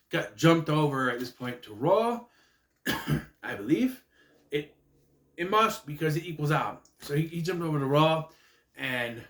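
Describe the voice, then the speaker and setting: A man rambling through a casual, jokey recap monologue with asides. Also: fairly high pitch. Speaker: wrestling recap vlogger. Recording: echoey room.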